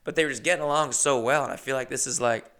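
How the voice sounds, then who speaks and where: A young man hosting his own show, telling comic stories in an animated, chatty, jokey way. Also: mid-range voice, racing, smooth. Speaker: comedian host. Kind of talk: comedic storytelling monologue.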